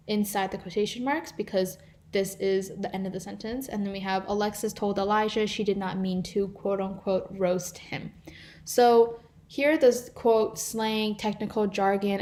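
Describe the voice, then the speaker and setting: A woman's voice: mid-range voice, fairly even intonation, moderate pace, darkish tone. A teenage girl teaching a live online grammar lesson as a volunteer tutor, explaining rules and reading example sentences aloud. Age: teens.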